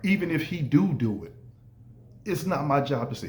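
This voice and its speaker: A man talks through a casual podcast monologue, lively and animated, leaping into higher voices when he quotes people. His middle-pitched voice sounds roomy and echoey, with a faint hum of ambience behind it. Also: brisk. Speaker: podcast host.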